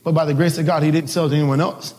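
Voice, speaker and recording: Guy pastor telling a story in his sermon, kinda high voice, laughs a lot, trips over words. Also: fairly even intonation, quick pace, a little mellow. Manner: casual, laughing, storytelling with frequent restarts. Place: church service.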